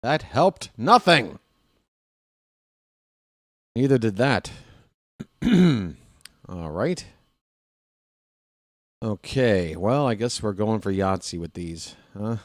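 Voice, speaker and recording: Man, stream host, playful trash talk, unhurried delivery, dry close sound. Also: fairly low pitch, very animated, no room sound. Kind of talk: casual live-stream chat.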